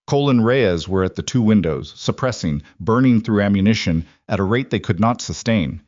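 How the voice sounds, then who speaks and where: Male narrator, low voice, steady dramatic thriller read, dry close muffled sound. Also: moderate pace, no room sound. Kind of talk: scripted narration.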